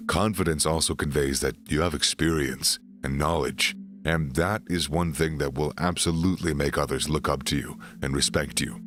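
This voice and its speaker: A man narrating a scripted self-improvement voice-over in a slow, deliberate, even delivery. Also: extremely low pitch.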